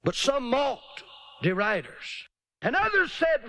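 A man's voice: high voice, wildly swooping pitch, bright, forceful tone, dry recording. A man preaching a revival sermon, emphatic and calling for amens. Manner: emphatic, drawn-out pauses, calls for amens.

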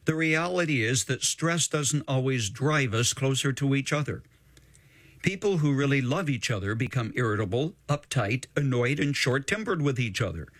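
A man delivering a scripted radio commentary as an author on family life, in a measured, steady way. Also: medium pitch, no echo.

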